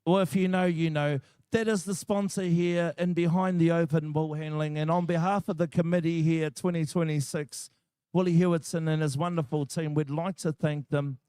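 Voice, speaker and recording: A man's voice: a little high, steady tone, normal speed, warm tone, clear, resonant tone, no room sound, studio quality. A man with a New Zealand accent announcing a shearing contest, joking and chatting with the crowd. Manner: jokey, chatty, banters with the crowd. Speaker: competition announcer. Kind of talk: live event commentary over a PA.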